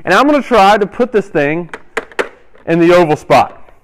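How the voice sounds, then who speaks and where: Young male youth pastor, lightly raised pitch, joking interactive sermon style. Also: animated, a little hiss or hum. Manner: playful, quizzes the audience, quick asides. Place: church hall with audience.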